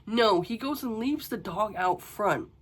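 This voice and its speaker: A woman's voice: medium pitch, lively intonation, unhurried, slightly rough. A woman giving a casual, exasperated book review, ranting with swearing and rhetorical questions.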